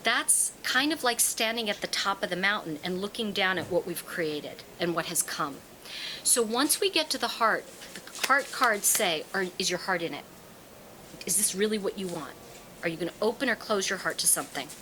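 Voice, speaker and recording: Woman teaching a class on cards and energy, bright forceful voice, little bit of room hiss behind her. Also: medium pitch, normal speed, poor audio. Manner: animated storyteller, acts out quoted voices. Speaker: tarot card reader and teacher. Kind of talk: casual spoken talk to an audience.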